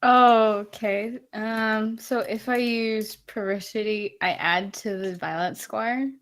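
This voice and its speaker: Female player, slow and thoughtful. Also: a little high, steady tone. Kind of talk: casual tabletop play.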